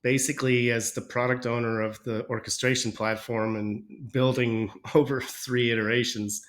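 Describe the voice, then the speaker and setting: A man's voice: medium pitch, flat delivery, moderate pace. A man with a stuffy, nasal voice from a cold, telling his career story as a podcast guest, rambling and correcting himself as he goes. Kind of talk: casual interview chat.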